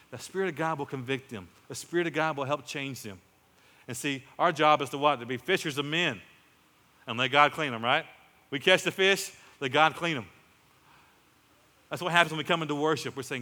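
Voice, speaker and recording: Emphatic pastor preaching in a reverberant hall. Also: male voice, mid-range voice, fairly quick, long pauses, bright, forceful tone. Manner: emphatic, rising to exclamations. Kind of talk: sermon.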